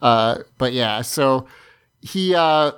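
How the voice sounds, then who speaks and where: A man talks through a show's plot in a relaxed podcast chat, slowly, with plenty of "uh" and "like." His voice is smooth and clear, and he slips into the characters' lines as he goes. The pace stays unhurried throughout. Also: mid-range voice. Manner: unhurried, many fillers, acts out characters' lines. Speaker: podcast co-host. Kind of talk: casual chat recapping a TV episode.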